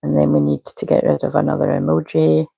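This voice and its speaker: A woman's voice: low voice, completely flat delivery, brisk, creaky, mellow, breathy edge, dry recording, poor audio. A woman, a spiritual coach chatting casually on a live stream and muttering to herself while she fiddles with settings.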